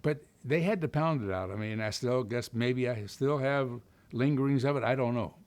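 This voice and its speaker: An older man from Kentucky recalls his early career in an unhurried, rambling way, full of "uh"s and restarts. His voice sits at an ordinary middle pitch for a man. He sounds like a seasoned storyteller in a sit-down interview. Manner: relaxed storytelling with many fillers and restarts. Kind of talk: oral history interview.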